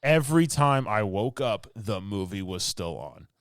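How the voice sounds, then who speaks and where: A man's voice: fairly low pitch, lively intonation, measured pace, a bit bright, no echo, studio quality. A man co-hosting a podcast, casually recapping a movie in a rambling, filler-heavy way and laughing often. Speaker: podcast co-host.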